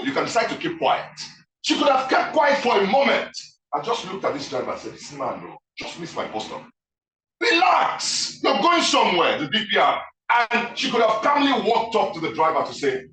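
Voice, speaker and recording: A man speaking as guest author to a live audience, animated and constantly asking the room questions. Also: sits high, slight background noise. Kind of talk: interactive talk to a live audience. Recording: echoey room, voice from a distance.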